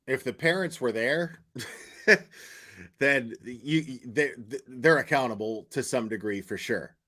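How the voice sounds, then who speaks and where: A man's voice: mid-range voice, slow pace, bright, forceful tone. A man hosting a casual reaction commentary, explaining points in a matter-of-fact, lecturing way. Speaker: commentary host.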